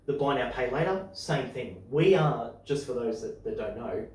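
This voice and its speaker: A man talks casually and with conviction, speeding up and slowing down as his excitement builds. He sits a little away from the mic, and a strong room echo hangs on every word. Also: medium pitch, distant mic. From Australia. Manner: excitable, opinionated, speeds up and slows down. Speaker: podcast host. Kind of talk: casual chat.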